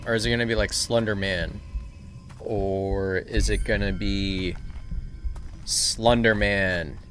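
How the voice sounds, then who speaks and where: A man's voice: on the low side, fairly even intonation, slow, fairly bright tone, faint music behind. A man streaming a live reaction, talking casually and rambling with frequent backtracking.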